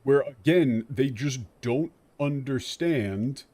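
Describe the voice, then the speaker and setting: A man at a middling pitch rants as a game streamer, his speech peppered with profanity and exasperation. Quiet music plays beneath his voice. He talks like someone who has had enough of bad writing. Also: slow. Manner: ranting, exasperated, swears often. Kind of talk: profane commentary on a game translation.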